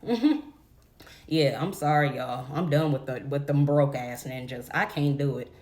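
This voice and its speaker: A woman's voice: a bass voice, a little slow, a little mellow. A young adult woman telling a story in a casual, blunt, profane rant to her viewers. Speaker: vlogger.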